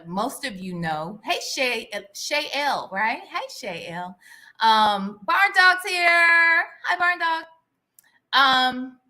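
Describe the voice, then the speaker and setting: A woman's voice: mid-range voice, sharp tone. A woman hosting a casual livestream, chatting and greeting viewers by name, often ending lines with "all right?" and sometimes dropping to a whisper for asides. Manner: drops into a whisper for gossip asides. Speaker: livestream host.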